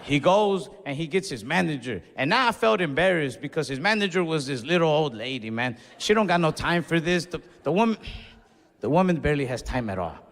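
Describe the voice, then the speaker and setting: A man's voice: a little high, sing-song, a little fast, a bit bright. A man doing stand-up comedy, telling a story in a casual, profane, exasperated way on a club stage. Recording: reverberant venue with faint audience noise.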